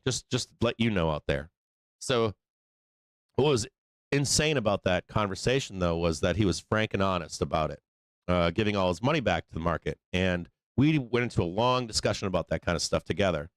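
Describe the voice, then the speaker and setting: A man's voice: sits low, dry recording. A man hosting a live trading show, telling a long story in a rambling, profane way full of fillers. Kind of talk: casual live-stream talk.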